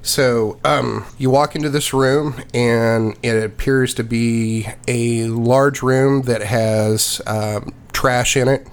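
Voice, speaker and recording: A man narrating a tabletop game as its game master, taking his time and padding with ums and you-knows. His voice sits in a mid pitch. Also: fairly even intonation, clean tone. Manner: unhurried, filler-heavy narration.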